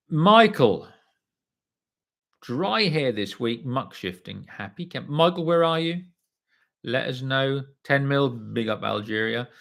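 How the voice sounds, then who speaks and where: A tired man with a gravelly, fry-edged voice chats loosely on a livestream. He greets viewers one by one and swears without a second thought. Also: medium pitch, a bit bright. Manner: greets viewers by name, swears casually, chatty. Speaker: livestream host reading viewer comments. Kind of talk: casual live chat.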